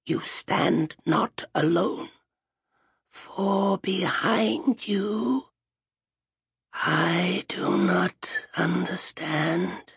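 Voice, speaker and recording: A man voicing a fearful old crone witch who croaks out prophecies with a dry throat, slow and halting. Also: high voice, expressive, fairly bright tone, dry recording, voice pushed up, full character voice. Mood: prophetic.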